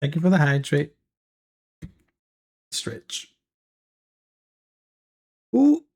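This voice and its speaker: A South African man whose first language is Afrikaans chats casually on a livestream while reading chat aloud. His voice is gravelly and a little high for a man, and he talks slowly. He rambles with halting restarts and frequent chuckles, and he sounds worn out. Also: very animated, a little mellow. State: tired after long work session. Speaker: streamer.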